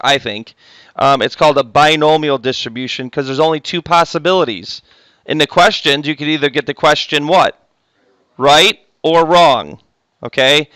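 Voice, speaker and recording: A man's voice: medium pitch, fairly bright tone, clear, resonant tone, no echo. A man teaching math to a class, joking with the students and stopping often to correct himself. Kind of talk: classroom lecture.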